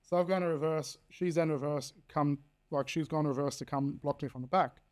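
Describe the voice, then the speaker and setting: Guesting on a podcast, an Australian man in his thirties talks fairly quickly in a slightly high voice. He's blunt about his personal story, curses freely, and acts out the things people said.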